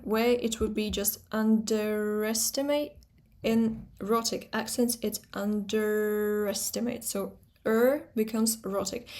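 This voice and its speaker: A woman teaching a pronunciation lesson, thinking aloud with fillers and slowly repeating sounds to show them. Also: a little high, a little mellow. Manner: talks things through aloud, pausing on fillers and repeating sounds slowly to demonstrate. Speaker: phonetics teacher.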